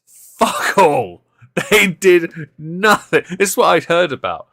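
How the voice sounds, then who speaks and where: A man co-hosting a casual podcast chat, sarcastic and quick to laugh. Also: sits high, vocal fry, bright, forceful tone, no room sound, clean studio sound. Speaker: podcast co-host.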